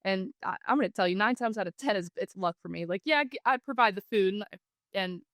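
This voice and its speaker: A woman, a podcast guest telling a hunting story in a casual, animated way. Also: medium pitch, quick pace, no echo.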